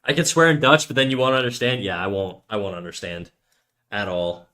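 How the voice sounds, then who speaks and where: A Canadian man streams live as he draws, trading crude, joking, swear-filled banter in a casual chat. His voice is fairly low, animated, fairly quick, bright, and forceful.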